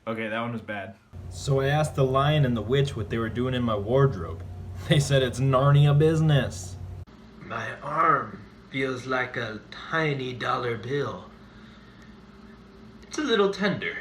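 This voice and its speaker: A man telling quick one-liner jokes and puns in a comedy video, often laughing at his own jokes. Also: medium pitch, lively intonation, a little hiss or hum. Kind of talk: joke-telling compilation.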